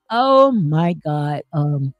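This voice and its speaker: A woman's voice: sits low, dry recording, muffled recording. A woman hosting a live stream, reading viewer comments and answering in an emphatic, preachy way, full of folksy sayings and "honey.".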